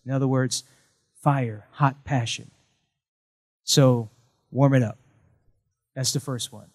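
A middle-aged man preaching a sermon as pastor, animated, with chants and call-and-response to the congregation. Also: mid-range voice, takes it slowly.

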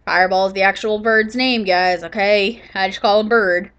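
A woman's voice: mid-range voice, steady tone, normal speed, a bit bright, clear, resonant tone, lo-fi sound. A woman doing a casual voice-over of her own gameplay footage, sleepy and yawning, rambling with lots of fillers and restarts. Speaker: gaming channel host.

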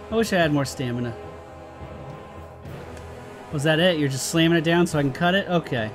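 A man's voice: on the high side, brisk, pauses often, soft background music. A man giving casual gameplay commentary on a let's play, swearing and exasperated, talking back at the game.

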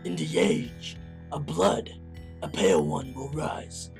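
A man playing an epic fantasy game narrator in a slow, grandiose, theatrical read. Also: sits low, big pitch swings, creaky, darkish tone, soft background music, voice pushed down, heavily acted. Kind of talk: mock-epic reading.

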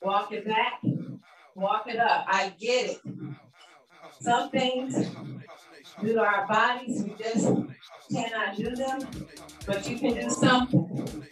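Upbeat lady coach calling out moves, slow steady talk, sounds far from the mic in a big echoey room. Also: a little high. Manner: upbeat, encouraging, calls out moves. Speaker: fitness coach. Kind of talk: leading a workout class. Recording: roomy echo, from off-mic, faint music.

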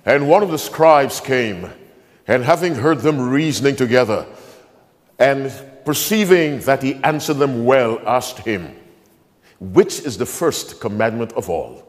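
A man preaching a sermon as pastor, slowing down and stressing key phrases while quizzing his congregation. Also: mid-range voice, lively intonation. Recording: long hall reverb.

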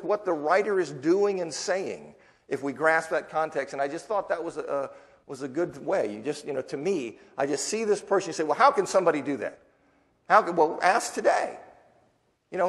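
A man's voice: a little high, long reverb tail. A man preaching in a church, first reading a story aloud and then explaining it in a loose, conversational teaching manner. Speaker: preacher teaching a Bible class.

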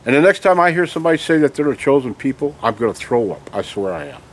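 A man's voice: mid-range voice, very animated, fast, a little hiss or hum. An angry man delivering a ranting monologue to his viewers, full of emphatic rhetorical questions and tag "okay?"s. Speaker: video blogger.

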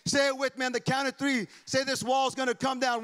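A man with a high voice for a man preaches a sermon in a church. He swings from chanting declarations to shouted calls, fervent and rhythmic. His delivery builds and drops as he leads the congregation. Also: flat delivery, fast talker, few pauses. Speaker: pastor. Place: church sanctuary.

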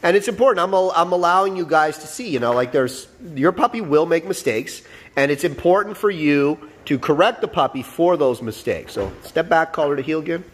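A man's voice: on the high side, lively intonation, brisk. A man explaining a demonstration as a dog trainer, coaching and checking in with his listeners. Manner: explanatory, coaching, frequent "all right?" and "okay?" check-ins. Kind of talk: instructional narration over demonstration.

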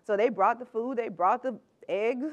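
A middle-aged woman speaking at a conference with a slightly high voice. She talks in a chatty, upbeat way and laughs often. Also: normal speed, lo-fi sound. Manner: upbeat, conversational. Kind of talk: conference talk.

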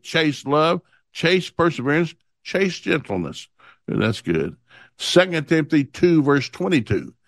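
A middle-aged man preaching a sermon, telling stories from his life and reading Bible verses slowly and with emphasis. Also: a little high, no room sound, clean studio sound. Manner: storytelling, animated when acting out anecdotes.

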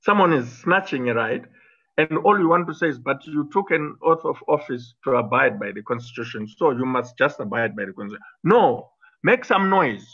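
A man's voice: medium pitch, brisk, a bit bright, muffled recording. A middle-aged man, a former minister arguing combatively in an interview, with frequent fillers and restarts. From Zimbabwe. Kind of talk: political interview talk.

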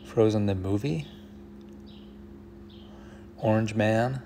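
A man's voice: on the low side, fairly even intonation, a little slow, creaky, darkish tone, slight background noise. A man thinking aloud as he solves a word puzzle, musing half to himself and sometimes dropping to a near whisper. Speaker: puzzle channel host.

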